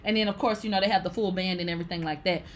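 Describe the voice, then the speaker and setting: A woman hosting a casual livestream, reading viewer comments aloud in a brash, profane way and laughing loudly often. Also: fairly low pitch, steady tone, rapid-fire, a little hiss or hum. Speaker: livestream host.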